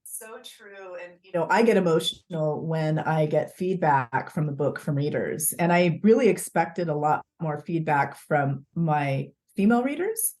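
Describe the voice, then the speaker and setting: A woman author being interviewed as a podcast guest, telling stories in an earnest, animated way. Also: deep voice, measured pace, hardly any pauses.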